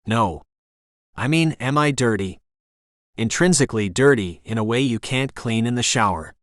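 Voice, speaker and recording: A man reading a quiet, troubled young man. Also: mid-range voice, lively intonation, moderate pace, dry recording, studio quality, natural voice. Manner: soft, hesitant, murmured.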